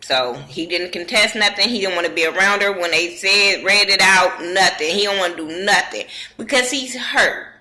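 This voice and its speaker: A woman's voice: mid-range voice, normal speed, hardly any pauses, bright, forceful tone, low-quality recording. A woman casually recapping a reality show episode in slangy, profane talk, acting out what the cast said. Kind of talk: casual recap with acted-out quotes.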